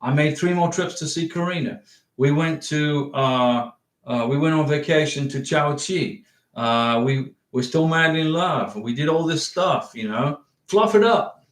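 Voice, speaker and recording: A man's voice: fairly high pitch, a little slow, echoey room. A man hosting a livestream, chatting casually and answering viewer comments, rambling and repeating his points emphatically. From United States. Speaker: livestream host giving visa advice.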